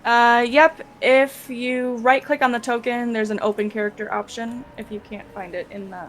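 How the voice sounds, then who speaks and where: A woman acting as game master, giving brisk, practical instructions in a casual session. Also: on the high side, steady tone, a little hiss or hum. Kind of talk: running a tabletop game.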